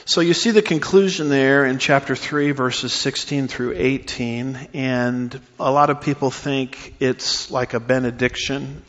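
Measured pastor preaching in a reverberant church. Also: male voice, mid-range voice, fairly bright tone. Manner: measured teaching with frequent uh fillers. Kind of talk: expository sermon. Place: church sanctuary. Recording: dull, reverberant church recording.

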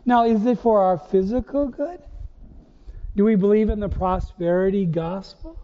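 A man's voice: sits high, moderate pace, long pauses, mellow. A man preaching a sermon as pastor, firing rhetorical questions with emphatic rises. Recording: dull, lo-fi recording in a reverberant church hall.

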